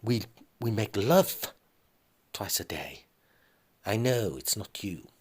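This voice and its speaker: A man's voice: on the low side, expressive, slow, a little mellow, breathy edge, voice pushed up, heavily acted. A man voicing a distraught middle-aged wife whose husband is leaving her, pleading and often breathless and whispered.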